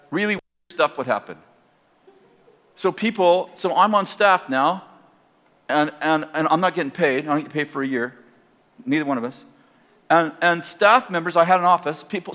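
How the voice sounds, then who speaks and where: An older man from Northern California, preaching by telling a personal story in a conversational, animated way and laughing at his own tale. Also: a little high. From Northern California, USA.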